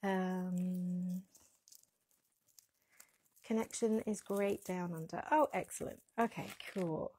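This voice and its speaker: A woman's voice: fairly low pitch, fairly even intonation, takes it slowly, long pauses, dark tone. Chatty woman hosting a livestream. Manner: chatty, rambling, reads out viewer comments. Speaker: yarn shop owner hosting a packing livestream. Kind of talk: casual livestream chat. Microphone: pinned lapel mic.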